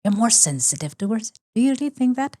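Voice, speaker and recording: A woman from India, hosting a podcast interview and talking thoughtfully, often pausing to search for the right word. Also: a little high, sing-song, dark tone. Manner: thoughtful, rephrases and searches for words. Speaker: podcast host.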